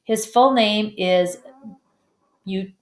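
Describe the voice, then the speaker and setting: A woman with a medium-pitched voice reads a first-person story aloud very slowly as an audiobook reader. She stumbles over hard names, apologizes and makes asides.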